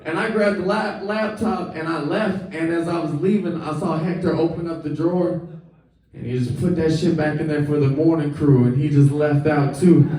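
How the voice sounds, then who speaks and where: A man's voice: a little high, fairly even intonation, moderate pace, mellow. A male stand-up comedian doing a live set on a club stage, profane and laughing at his own lines. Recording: echoey club from a distant mic.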